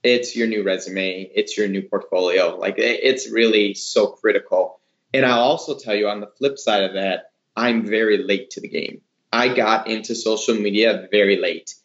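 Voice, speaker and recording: A man, a hairdresser and educator, talking in a casual interview with enthusiastic, animated storytelling. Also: lowish voice, moderate pace. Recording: roomy, slightly dull sound.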